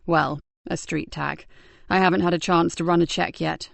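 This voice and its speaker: Woman doing a calm, pensive male sergeant. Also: fairly low pitch, vocal fry, no echo. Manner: measured and pensive. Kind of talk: audiobook character voice.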